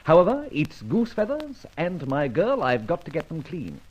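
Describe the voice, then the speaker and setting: An actor playing a suave, proud gentleman thief, theatrical and wry, quick to indignation, in a 1940s-style radio drama. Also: fairly high pitch, wildly swooping pitch, breathy edge, full character voice. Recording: dull old radio recording.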